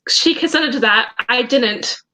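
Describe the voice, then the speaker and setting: A young woman vlogger telling a story in a casual way, reading out chat messages and often pausing to hesitate and restart. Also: fairly high pitch, pushed and bright, low-quality recording. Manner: hesitant, halting, with many ums and restarts.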